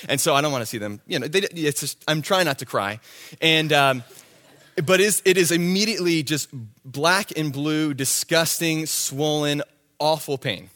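Bright, self-mocking young male preacher. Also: fairly high pitch. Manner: self-deprecating, animated storytelling with quick asides. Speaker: youth pastor. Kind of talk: sermon storytelling.

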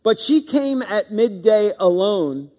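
Pastor, male, fairly high voice, earnest sermon delivery with slowed stresses, church hall reverb. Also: lively intonation, a little mellow.

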